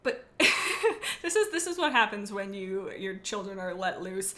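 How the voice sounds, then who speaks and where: Bright, rambling young woman streamer. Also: mid-range voice, moderate pace. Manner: rambling and animated, tells stories with asides. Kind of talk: casual live-stream chat.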